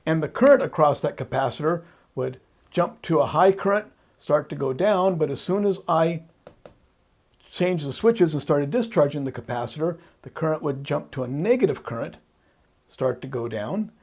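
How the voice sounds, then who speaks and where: A man's voice: a little high, lively intonation, normal speed, darkish tone, husky. A man teaching electronics, explaining step by step while he draws, patiently repeating the key points and thinking aloud. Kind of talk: explaining while drawing on a board.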